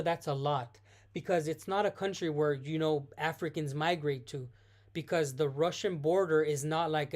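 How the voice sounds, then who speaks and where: A voice hosting a live stream in a loose, casual Q&A. They read out questions from the chat and answer on the spot. Their answers are full of restarts and quick self-corrections. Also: mid-range voice. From United States.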